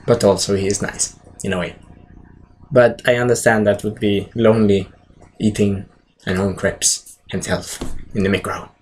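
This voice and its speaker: A man's voice: on the low side, fairly even intonation, normal speed, long pauses, slight background noise. A man giving a rambling, casual movie recap, jumping around and swearing now and then. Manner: rambling, jumps around, frequent fillers and swearing. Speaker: movie reviewer.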